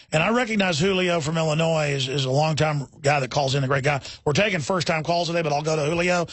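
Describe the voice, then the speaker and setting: Indignant high-voiced talk radio host. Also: male voice, no echo. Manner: forceful, indignant, repeats words in rapid restarts. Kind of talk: heated talk radio monologue.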